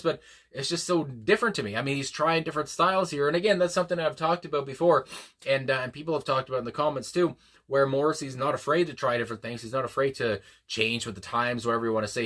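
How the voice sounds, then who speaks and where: A man's voice: mid-range voice, a bit bright. A man hosting a music reaction video, rambling casually with lots of fillers, restarts and exclamations. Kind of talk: casual unscripted reaction commentary.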